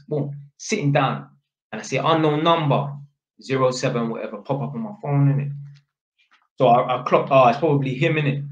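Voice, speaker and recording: A young man with a fairly high voice tells a story in loose, slangy talk, tagging his sentences with quick check-ins. He's sitting at home, and the room adds a clear echo around him. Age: young adult. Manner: animated, slangy, frequent tag questions. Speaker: vlogger, electrician telling work stories. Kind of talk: casual storytelling to camera. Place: home, sitting at a small table. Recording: echoey room.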